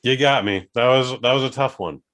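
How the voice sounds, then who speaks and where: A man's voice: medium pitch, fairly quick, a bit bright. A man co-hosting a casual podcast, joking along in an easygoing way. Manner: easygoing, joking, self-deprecating. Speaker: podcast co-host. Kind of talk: casual chat.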